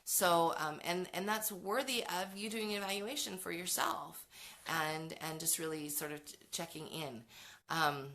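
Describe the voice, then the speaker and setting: A middle-aged woman talks through parenting advice in a casual, frank way, full of fillers and quick restarts. Her voice sits low for a woman yet sounds bright and forceful. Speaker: parenting educator hosting a show. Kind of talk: casual advice talk, answering comments.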